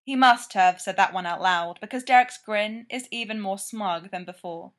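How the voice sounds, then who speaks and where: A woman reading a story aloud, narrating in a slow, measured way. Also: medium pitch, fairly bright tone. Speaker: reader of fan fiction.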